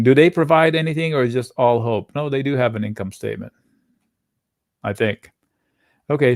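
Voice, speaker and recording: A man in a dry, close-miked room hosting a live trading stream. He talks casually and thinks out loud, jumping from point to point as he reads charts. His pitch sits mid-range for a man. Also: no echo. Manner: casual, chatty, thinks aloud while reading charts. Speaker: options trading webinar host. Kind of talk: live market commentary.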